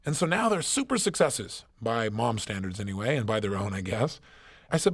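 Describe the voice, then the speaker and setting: A man's voice: lowish voice, very animated, normal speed, husky. A man giving a motivational seminar talk, telling stories emphatically and asking rhetorical questions. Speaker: motivational speaker.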